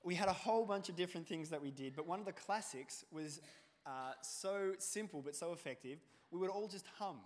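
A male preacher, delivering a sermon with animated storytelling and acted-out quotes. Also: sits high, a little fast. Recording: long hall reverb.

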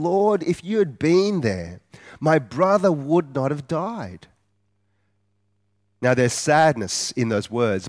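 A man preaching a sermon in an earnest, measured way, asking his listeners questions and slowing down to stress key words. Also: medium pitch, no room sound, clean studio sound. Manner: slows down for emphasis.

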